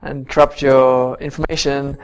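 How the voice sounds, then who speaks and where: A man's voice: mid-range voice, level tone, measured pace, clean tone, close to an everyday voice, poor audio. A man voicing a talking computer virus that cheerfully announces itself. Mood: mock cheerful.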